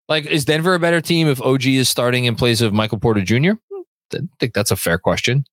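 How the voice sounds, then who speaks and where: A man hosting a casual sports podcast, excitable and rambling as he reads viewer comments. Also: mid-range voice, quick pace, dry recording. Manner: excitable, rambling, many fillers and restarts. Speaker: podcast host.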